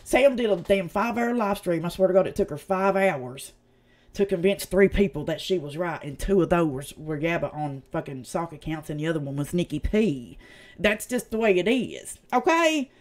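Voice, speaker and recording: A woman with an East Tennessee Southern accent talks straight to her livestream chat in a blunt, profane rant. Her pitch swings widely up and down as she vents and jabs. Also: lively intonation, moderate pace. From United States. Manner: blunt, profane, heated ranting. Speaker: channel host. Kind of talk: casual livestream commentary.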